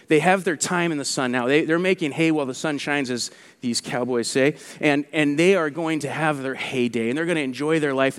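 A man preaching a sermon as pastor, animated and conversational, acting out what mockers say. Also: on the high side, long reverb tail. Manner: animated, acts out mockers' quotes.

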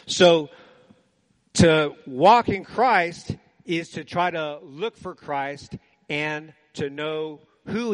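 An older man preaching a sermon, telling folksy stories and asking the congregation questions. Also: fairly high pitch. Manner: folksy storytelling, asks the audience questions.

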